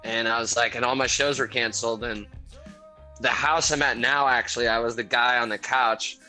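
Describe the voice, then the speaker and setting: A man with an American accent, a musician telling stories in a relaxed, chatty way and laughing often. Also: mid-range voice, moderate pace, faint music behind, low-quality recording. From South Florida, USA. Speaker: guest musician. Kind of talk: casual interview chat over beers.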